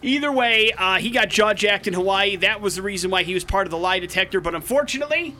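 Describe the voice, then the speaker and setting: A man hosting a radio show, telling news stories as a lively storyteller with joking asides. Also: sits high, quick pace, faint music behind. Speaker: radio host. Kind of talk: casual radio banter. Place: radio studio.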